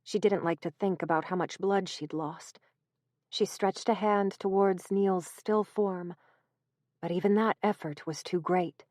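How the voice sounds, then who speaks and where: A woman reading a horror audiobook in a measured, even storytelling manner, close to the mic. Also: fairly low pitch, no echo. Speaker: audiobook narrator. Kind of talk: scripted narration.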